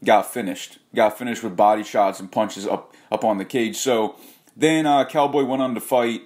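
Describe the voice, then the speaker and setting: A man's voice: lowish voice, moderate pace, darkish tone. A man hosting a casual rant vlog, talking in a rambling, profane way with frequent restarts and self-corrections. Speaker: host.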